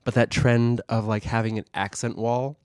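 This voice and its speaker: A man's voice: medium pitch, level tone, normal speed, a little mellow, smooth, no room sound, clean studio sound. A man who is a guest on a podcast, chatting casually in a wry, blunt way and swearing now and then. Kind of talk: casual chat.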